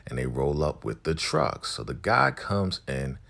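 A man giving a casual, animated recap of a TV episode, laughing often as he tells it. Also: very deep voice, a little slow, gravelly. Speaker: recap vlogger.

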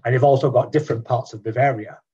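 A man taking part in an online talk, explaining in a measured way. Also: mid-range voice, fairly even intonation, warm tone, breathy edge, highs cut off. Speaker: participant.

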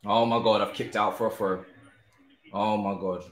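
A young man giving live commentary on his own football video game match, excitable, pleading and swearing often. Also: lowish voice, moderate pace. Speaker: gaming streamer. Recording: roomy echo.

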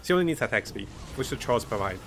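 A man's voice: mid-range voice, expressive, quick pace, background noise. A man streaming a strategy game, thinking his moves aloud, greeting viewers and chuckling often. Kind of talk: live gameplay commentary.

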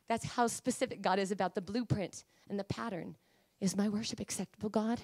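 A woman preacher delivering a sermon, emphatic and pleading, at times rising to high fervent cries. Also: steady tone, moderate pace, darkish tone.

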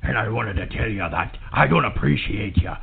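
Brief: a caller doing a low, raspy pirate captain on a tinny phone line. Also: male voice, lively intonation, normal speed, slight background noise. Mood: grumbling. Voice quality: gravelly, raspy. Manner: growling pirate talk. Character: gruff male pirate with a sunken ship. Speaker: prank caller.

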